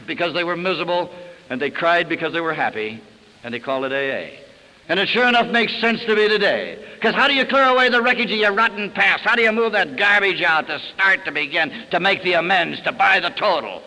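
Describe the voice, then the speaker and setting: A middle-aged man speaking at a recovery meeting, telling stories in a folksy way, chuckling, and dropping low and soft for sad memories. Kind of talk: recovery talk to an audience. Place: conference hall. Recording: old 1971 tape in a hall.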